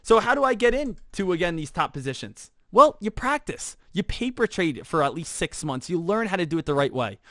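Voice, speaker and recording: A man teaching stock trading in an energetic talk, who keeps asking "right?", leans on the word "again", and acts out imagined students. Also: sits high, dry recording, studio quality. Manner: rhetorical "right?" and repeated "again"; acts out imagined students in quick put-on voices. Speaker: trading instructor.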